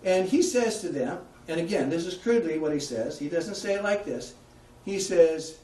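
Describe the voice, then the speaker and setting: A man's voice: fairly high pitch, expressive, moderate pace, hardly any pauses, warm tone, far from the mic. A man giving a conversational public talk, putting questions to his audience. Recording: echoey room, heard from afar.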